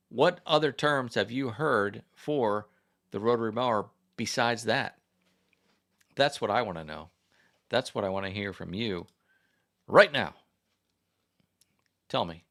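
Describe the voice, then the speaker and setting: The host's voice is medium-pitched, creaky and a bit bright, and he moves at a moderate pace with frequent pauses. This American man rambles casually on his livestream through a desk microphone, going over viewer comments and questioning his audience.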